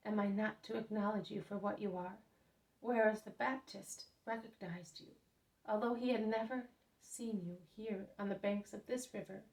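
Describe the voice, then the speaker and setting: A woman's voice: a little high, vocal fry, a little mellow. A woman voicing an earnest, devoted young man who pleads to follow his cousin, in a storybook reading. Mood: pleading. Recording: roomy echo, mic at a distance.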